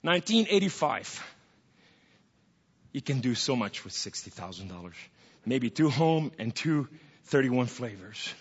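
A middle-aged man preaches a theatrical testimony with a gravelly, husky voice. His pitch leaps and drops widely as he swings from hushed tones to loud outbursts. The recording is dull and lo-fi, with a long echo from a large hall. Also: sing-song, unhurried, long pauses. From Middle East. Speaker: guest speaker giving testimony.

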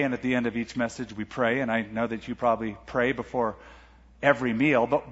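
A middle-aged man preaching a sermon as pastor, animated, asking rhetorical questions and reading scripture aloud. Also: medium pitch, husky. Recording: lo-fi church recording with long hall reverb.

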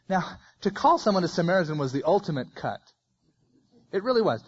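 A man's voice: high voice, big pitch swings, brisk, slightly rough, muffled recording. A man preaching a verse-by-verse sermon, reading scripture aloud with folksy asides.

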